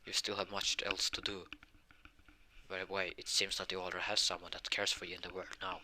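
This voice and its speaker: The kind ghostly parents of a young hero, as a man puts them on, speaking soft, calm reassurance. The voice stays low, quiet and bright, close to the storyteller's own. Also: fairly quick. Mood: gentle.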